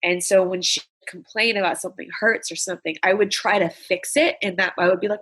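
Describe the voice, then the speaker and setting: A woman's voice: fairly low pitch, fairly even intonation, fairly quick, few pauses, fairly bright tone. A woman comedian from Los Angeles, telling stories as an interview guest in a blunt, candid way with plenty of swearing. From Los Angeles, USA. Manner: blunt, profane, candid storytelling. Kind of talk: casual interview chat.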